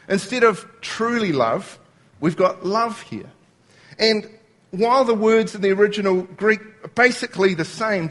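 A man preaching a sermon, explaining scripture word by word and quoting lines as he goes. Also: high-pitched.

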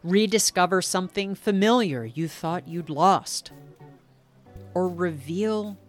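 A woman podcast host in gentle, contemplative narration and reflective conversation. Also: fairly low pitch, slow, soft background music.

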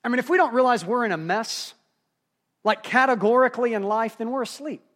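A male pastor preaching a sermon, swinging between hushed, quiet moments and emphatic, rising passages. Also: very high-pitched, fairly quick.

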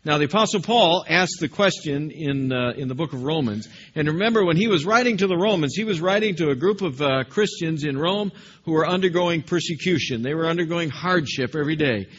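A man's voice: a little high, expressive, brisk, a bit bright, dull audio, slight background noise. A male pastor delivering a sermon, emphatic and repetitive, questioning the congregation.

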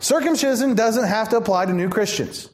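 A pastor acting out a fervent, protective apostle, in a high voice with emphatic, repeated protests. He defends his fledgling flock and pleads for them not to be burdened. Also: brisk, roomy sound, close to an everyday voice.

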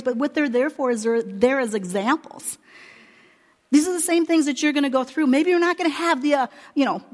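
Woman preacher, conversational sermon, emphatic storytelling, long reverb. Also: medium pitch.

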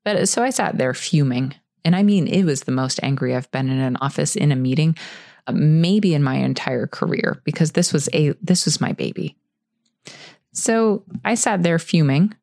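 A woman's voice: deep voice, moderate pace, a little mellow, no echo, clean studio sound. A middle-aged woman hosting a career advice show, telling a story from her own work in a candid, conversational way. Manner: candid, conversational, self-correcting. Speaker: podcast host.

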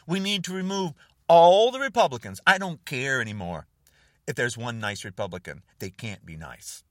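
A man's voice: medium pitch, lively intonation, normal speed, dry recording, clean studio sound, distant mic. An older American man delivering an angry, repetitive rant straight to camera, hammering short phrases and insults. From United States. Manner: furious, repetitive, name-calling, jabbing phrases. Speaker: online video host.

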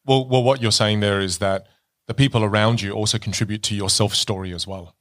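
A man's voice: lowish voice, steady tone, fairly quick, fairly bright tone. A man co-hosting a podcast, listening closely and summing up what his partner says. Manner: attentive listener who sums up ideas. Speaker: podcast co-host. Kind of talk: casual conversational chat.

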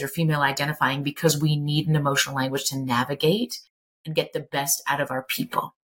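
A woman's voice: sits low, fairly bright tone. A middle-aged woman, a clinical psychologist talking candidly as an interview guest, emphatic and blunt, swearing casually.

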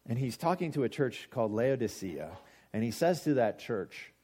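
A pastor preaching a sermon to his congregation, joking and swelling loud for emphasis. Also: mid-range voice, sing-song, normal speed, husky.

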